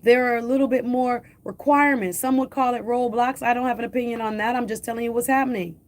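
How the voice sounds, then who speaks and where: A radio talk show host, a woman with a slightly high voice, speaks urgently to her listeners. She is emphatic and repeats her key points, asking rhetorical questions and addressing the audience directly. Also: steady tone, fast.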